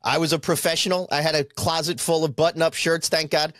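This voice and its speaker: A man with a New Jersey accent telling profane, animated stories as a podcast co-host. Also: a little high, a little fast, no echo, clean studio sound. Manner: profane storytelling, animated put-on quotes. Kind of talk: casual chat.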